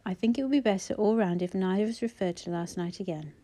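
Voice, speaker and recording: A woman's voice: medium pitch, quick pace, warm tone, natural voice. A woman narrator voicing a shaken, proud middle-aged father who speaks urgently and pleadingly. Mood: firm.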